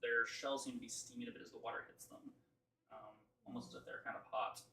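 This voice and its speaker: Brief: casual game master, man, bright voice, away from the mic in an echoey room. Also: mid-range voice, little pitch movement, fast talker, vocal fry, recorded from a distance. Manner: loose, filler-heavy description. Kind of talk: narrating a tabletop game. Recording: roomy, from off-mic.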